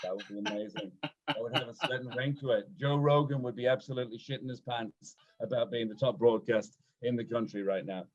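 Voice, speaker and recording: Brief: British male co-host, teasing and quick-witted, muffled lo-fi call audio. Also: mid-range voice. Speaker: podcast co-host. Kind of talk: casual banter.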